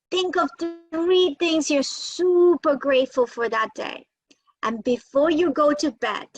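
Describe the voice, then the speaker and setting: A woman's voice: high voice, fairly bright tone. A woman leading children through tapping and breathing exercises on a video call, encouraging them and repeating affirmations for them to echo. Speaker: children's workshop leader. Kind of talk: guided tapping and breathing lesson for kids.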